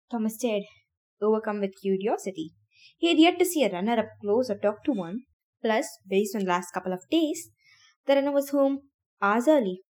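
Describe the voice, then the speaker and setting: A woman's voice: a little high, a little mellow. A woman podcast host reading a novel aloud, stopping now and then to laugh and talk to her listeners about the story. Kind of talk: casual read-aloud with chatty asides.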